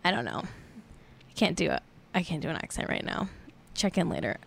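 Young woman, podcast host, tipsy, giggly and rambling, very lively pitch. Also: normal speed, vocal fry, breathy edge. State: a little tipsy. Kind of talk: casual chat.

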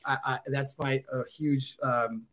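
A middle-aged man as a podcast guest, an excitable storyteller who acts out quotes in casual chat. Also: mid-range voice, a little slow, a little hiss or hum. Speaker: podcast guest, former celebrity reporter.

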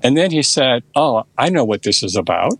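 Guesting on a podcast, an older therapist recounts a session one step at a time, calm and conversational in pace. His mid-range voice is very animated.

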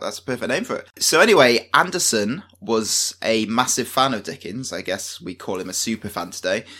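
Bright-voiced man telling a story. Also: mid-range voice. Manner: animated storytelling with excited outbursts. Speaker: podcast co-host. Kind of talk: casual podcast chat.

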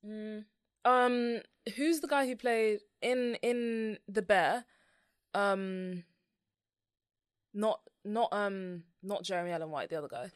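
A woman's voice: mid-range voice, slow pace, smooth, no echo, studio quality. A woman co-hosting a podcast in casual chat, chatty and self-deprecating with frequent giggles. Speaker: podcast co-host.

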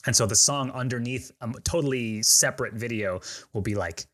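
A man's voice: medium pitch, a little fast, fairly bright tone. A man talking in a casual, chatty way and using slangy phrases. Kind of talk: casual conversation.

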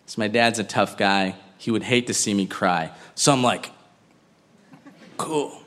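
A man's voice: on the low side, normal speed, a bit bright, a little hiss or hum. A man telling a family story on stage in a wry, chatty way, often breaking into laughter. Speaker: storyteller and host. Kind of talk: comic live storytelling.

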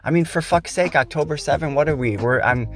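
A man's voice: on the high side, brisk, soft background music. An American man hosting a podcast, delivering a heated, profane political rant with emphatic stresses. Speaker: podcast host.

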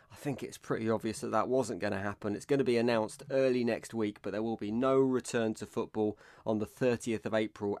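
A man hosting a football podcast, chatty and quick to laugh. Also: mid-range voice, dry recording. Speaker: podcast host. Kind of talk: casual football podcast chat.

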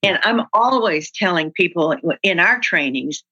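A woman's voice: fairly low pitch, a little slow, breathy edge, dull audio. A woman guest who trains people in workplace communication, telling stories in a conversational interview and acting out example dialogue. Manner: animated storyteller who acts out example dialogue.

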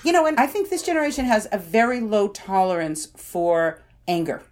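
A woman's voice: mid-range voice, moderate pace, a little mellow, a little hiss or hum. A woman, a parenting author, giving conversational interview answers in an explanatory way, often saying "you know" and acting out what parents and kids say.

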